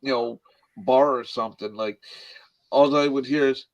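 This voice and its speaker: A man in casual podcast chat, speaking haltingly with repeated words as he recalls past drinking. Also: mid-range voice, steady tone, highs cut off.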